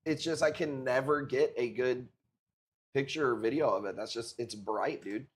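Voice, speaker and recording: Forty-something man, live-stream coral seller, loose and profane, mid-pitched, lots of dude and bro. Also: moderate pace. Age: 40s. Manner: laid-back, profane, peppered with dude and bro. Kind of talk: casual live-stream chat.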